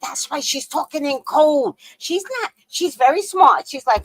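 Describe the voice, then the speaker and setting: A woman hosting a live stream, chatting casually with viewers and telling animated stories, laughing often and swinging between loud outbursts and hushed asides. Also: high-pitched, a little slow, few pauses, dry recording, poor audio.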